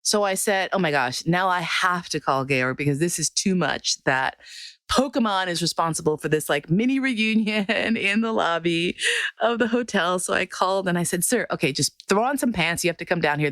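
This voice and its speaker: A woman's voice: moderate pace, no echo, clean studio sound. A woman telling a personal story in a casual monologue, acting out the people she quotes and swearing now and then. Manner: animated, swears freely, acts out quoted voices with big pitch jumps. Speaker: podcast host telling a story.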